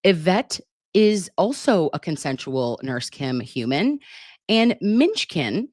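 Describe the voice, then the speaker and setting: Speaking slowly in a fairly low, sing-song voice with a darkish tone, a middle-aged livestream host chats warmly at her desktop, reads viewers' comments aloud, and pokes fun at herself. The desktop computer mic gives a clean studio sound without any room sound.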